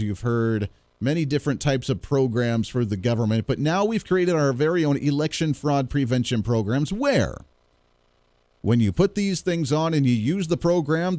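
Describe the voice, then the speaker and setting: A man hosting his own show, telling stories in a casual, animated way and acting out the voices of others. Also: a little high, no room sound. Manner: animated storyteller, acts out quoted voices. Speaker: podcast host. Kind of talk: casual monologue.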